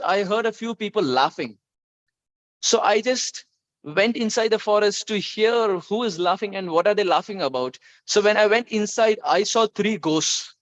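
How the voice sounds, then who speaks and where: A man playing an earnest fellow recounting a strange walk, high for a man, muffled dry sound. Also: fairly bright tone. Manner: earnest, retelling step by step. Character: curious Muslim man telling his tale.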